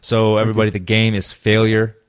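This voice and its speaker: A man's voice: on the low side, completely flat delivery, fairly quick, smooth, no room sound, clean studio sound. A man hosting a gaming podcast, chatting casually with many fillers and laughs. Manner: rambling, filler-heavy, laughs often. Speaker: podcast host. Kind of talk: casual chat.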